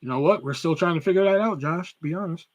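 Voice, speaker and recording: A young man hosts a live stream, talking casually and cursing freely as he reads chat messages out loud. His voice is fairly high and fast, captured with lo-fi sound, and he tends to ramble.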